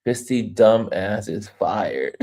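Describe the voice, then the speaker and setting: A man with a fairly low voice talks slowly while hosting a relaxed livestream. Animated and quick to laugh, he chats loosely and reads out comments from viewers.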